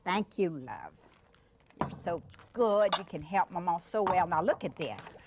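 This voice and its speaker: Older woman, Cajun accent, warm chatty cooking host, low voice. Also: expressive, measured pace, noisy background. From Louisiana. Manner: chatty and affectionate, talks to the child while cooking. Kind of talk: cooking demonstration.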